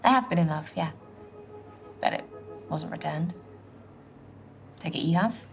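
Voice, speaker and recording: A curious young woman from London on a speed date. Her voice sits a little low, and she questions her date frankly and playfully. Soft music sits behind the scene of this dating game. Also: measured pace, creaky. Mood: probing. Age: young adult. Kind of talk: game dialogue.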